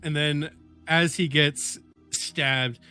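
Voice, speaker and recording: A man's voice: a little high, steady tone, very slow, pushed and bright, clear, resonant tone, soft background music. Man rambling through a game scene. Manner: rambling, lots of "like" fillers. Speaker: player describing his character. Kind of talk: casual tabletop game play.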